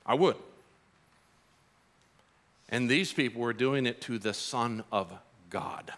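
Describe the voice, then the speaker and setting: A male pastor delivering a sermon, with lively storytelling that swings up to emphatic, insistent peaks. His voice is bright and forward, and he keeps a mid-range pitch. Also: slow pace.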